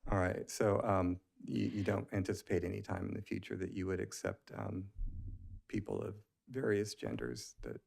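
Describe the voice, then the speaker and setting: A man serving as a planning commissioner, asking a question at a public meeting in a hesitant way, full of pauses and restarts. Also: low voice, vocal fry, a little mellow. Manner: hesitant, many ums and restarts.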